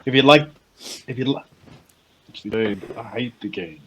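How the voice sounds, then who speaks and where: A man's voice: mid-range voice, normal speed, a bit bright, husky, muffled recording. Teasing, jokey man co-hosting a podcast. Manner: teasing, jokey, swearing freely. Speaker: podcast co-host. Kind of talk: casual chat.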